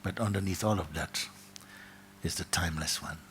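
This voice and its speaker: Soft-spoken, deep-voiced spiritual teacher. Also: male voice, moderate pace, slight background noise. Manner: soft-spoken, drops to whispers, repeats phrases. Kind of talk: storytelling in a spiritual gathering.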